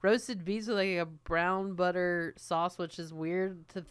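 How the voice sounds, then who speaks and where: A woman co-host chatting on a podcast, her voice smooth and clear. She tells stories in an animated way, trailing off mid-thought and starting over. The sound is close and dry, with no room echo. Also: lowish voice, takes it slowly. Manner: animated storyteller, trails off and restarts. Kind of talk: casual chat.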